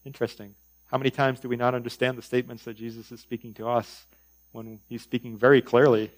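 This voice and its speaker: A man's voice: medium pitch, flat delivery, fast, poor audio. A male preacher teaching a conversational sermon, with frequent fillers and informal asides.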